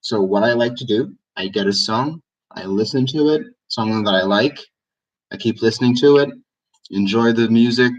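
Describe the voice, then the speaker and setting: Male teacher, lowish voice, casual live lesson, mic at a distance. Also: slightly rough. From Egypt. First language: Egyptian Arabic. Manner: explanatory, repeats words for emphasis. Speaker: language teacher.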